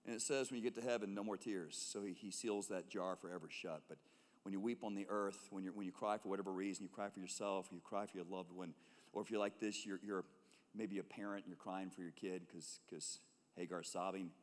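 A man preaching a sermon as a pastor, swinging between loud emphatic calls and hushed, low tones. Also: fairly even intonation, brisk. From United States. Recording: long reverb of a large hall.

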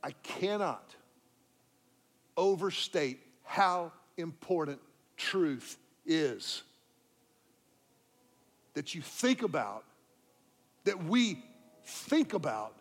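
A middle-aged pastor preaches a sermon, telling a story in a fairly high, sing-song voice. He speaks extremely slowly with long pauses, and his voice drops to a hush when he quotes himself comforting someone.

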